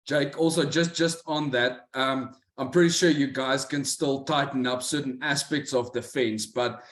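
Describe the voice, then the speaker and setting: A man's voice: medium pitch, fairly even intonation, measured pace, fairly bright tone. A man, a sports journalist, asking a coach a question in a casual, conversational way. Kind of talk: asking a press conference question.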